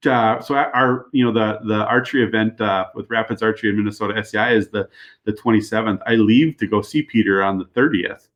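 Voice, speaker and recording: A man's voice: fairly low pitch, fast talker, a bit bright. A middle-aged man talking casually as a podcast guest, rambling with many restarts and fillers. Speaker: guest, hunting club president.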